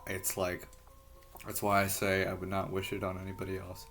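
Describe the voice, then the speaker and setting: A man in a rambling personal monologue, halting and frustrated, swearing heavily as he talks. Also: low voice, monotone, fairly bright tone, faint music behind.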